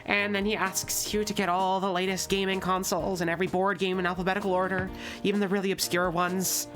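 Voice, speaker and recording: A voice actor reading a fan game aloud and voicing a cheery but nervous, people-pleasing young woman in a high, timid, stammering voice. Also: level tone, a bit bright, soft background music, natural voice. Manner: timid, fast apologetic delivery with stammers.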